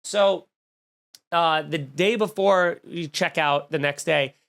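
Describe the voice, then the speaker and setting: A man's voice: a little high, slow, creaky. A man hosting a comedy podcast, telling a wild story with profanity and acted-out quotes. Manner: animated, profane, acts out voices in his story. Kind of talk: comic storytelling rant.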